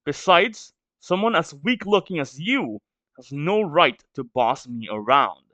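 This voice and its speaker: A man's voice: on the high side, expressive, measured pace, bright, forceful tone, dry recording. A stuffy-nosed man reading an arrogant young giant. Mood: scornful. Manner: scornful and defiant. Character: arrogant, hot-tempered young male giant. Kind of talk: reading a manga aloud.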